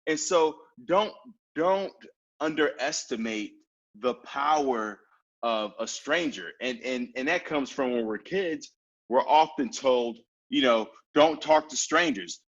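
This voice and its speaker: A man talking as a podcast guest in casual chat, telling stories in a lively way and acting out what people said. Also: medium pitch, slow pace, highs cut off. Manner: lively storyteller who acts out quoted lines.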